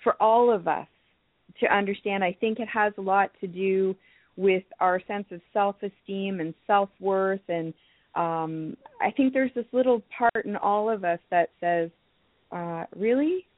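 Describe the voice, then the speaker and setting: A woman guest, a crystal healing teacher from Canada, speaking softly and hesitantly, with many pauses and restarts. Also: mid-range voice, no room sound. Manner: soft-spoken, hesitant, many ums and restarts. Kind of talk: phone-in talk show guest. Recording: tinny phone line, dry.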